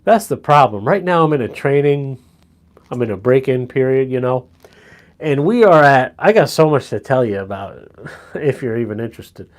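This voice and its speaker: Middle-aged man telling stories casually. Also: mid-range voice. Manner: animated storytelling, swears freely, chuckles. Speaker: live streamer. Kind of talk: casual live-stream chat.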